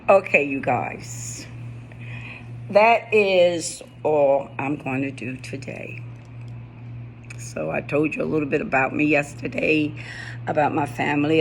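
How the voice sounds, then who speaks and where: A woman's voice: low-pitched, gravelly, a little hiss or hum. A middle-aged woman with a US East Coast accent, talking casually in a personal vlog and reading her own poem, often laughing and repeating phrases for emphasis. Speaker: vlogger.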